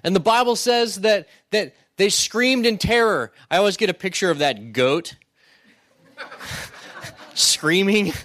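High-voiced conversational male pastor. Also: slow pace, long pauses, fairly bright tone, no echo. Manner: conversational, asks "right?" often, restarts words. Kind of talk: sermon.

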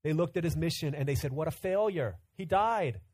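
A man in his thirties preaches a sermon in a conversational, storytelling way. His voice sits a little high. He rises to loud, urgent bursts and then drops to hushed quiet. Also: expressive, a little fast, breathy edge, dry recording. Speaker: pastor.

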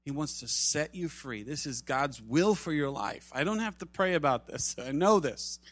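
A middle-aged man preaching a sermon, earnest, swinging from loud urging to soft, low asides. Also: lively intonation, moderate pace, no room sound. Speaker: pastor.

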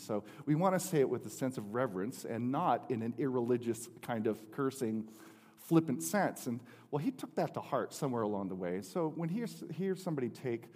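A middle-aged man preaching and telling a family story, with many restarts and lively swings in pitch. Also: brisk. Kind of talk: sermon. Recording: long hall reverb.

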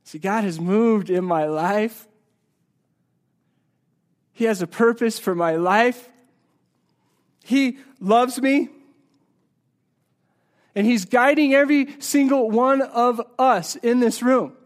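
High-voiced man preaching earnestly. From United States. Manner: earnest, swings between loud emphasis and hushed slow passages. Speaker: pastor. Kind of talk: sermon. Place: church sanctuary.

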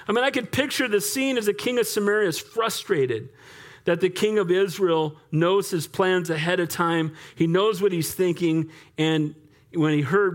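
Man, pastor, sermon, high voice, animated, conversational. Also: normal speed. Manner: animated, conversational, asks amen often.

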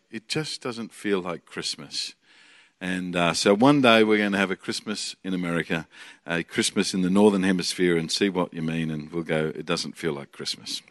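A man's voice: mid-range voice, fairly bright tone, dry recording, clean studio sound. An Australian man in his forties, a guest pastor preaching a chatty, joking sermon with bursts of energy.

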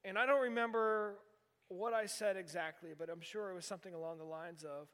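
High-pitched guy about 40 preaching, candid storytelling, long echo off the church hall. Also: fairly even intonation, brisk, a bit bright. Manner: candid, storytelling, self-deprecating humor. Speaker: pastor. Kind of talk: sermon. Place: church sanctuary.

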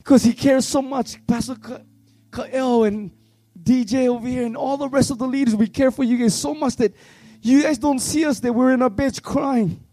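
Worship leader, man, high mellow voice, fervent and pleading, dry close sound. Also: steady tone, normal speed, no room sound. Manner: fervent, pleading, swings between shouting and hushed tones. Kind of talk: impassioned youth revival sermon.

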